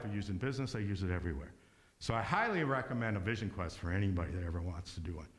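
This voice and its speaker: A man with a lowish voice tells rambling stories to a spiritual community, animated and loose. He slips into acted-out voices now and then. His voice rings with the long reverb of a hall. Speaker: guest speaker. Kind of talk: casual storytelling talk.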